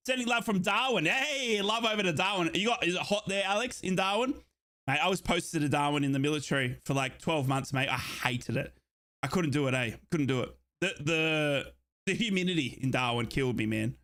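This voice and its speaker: An Australian man hosting a live football watchalong stream, chatty and excitable, reading out chat messages and sometimes shouting hype. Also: sits high, fairly quick.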